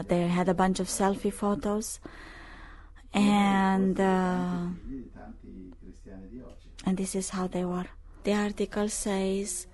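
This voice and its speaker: A woman with a medium-pitched voice preaches a sermon that reads out news and prophecy. She recounts the news haltingly with many fillers and restarts, then grows loud and forceful when she preaches.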